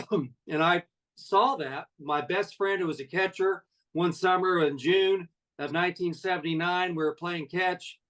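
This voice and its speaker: A man's voice: sits high, a bit bright, distant mic, rough recording. Folksy older man telling stories. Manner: folksy, conversational, acts out dialogue in stories. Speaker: network marketing leader addressing a team. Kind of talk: motivational personal storytelling talk.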